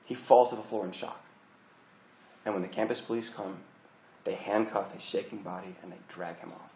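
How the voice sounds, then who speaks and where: A young adult man preaching a storytelling sermon in an animated, chatty way, full of restarts. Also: sits low, normal speed. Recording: roomy hall echo.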